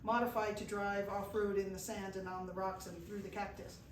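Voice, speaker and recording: A woman with a mid-range voice tells a travel story as a guest speaker to a small audience in an event room, speaking briskly and acting out the dialogue with lots of animation. The recording is roomy, from a distant mic, with faint noise.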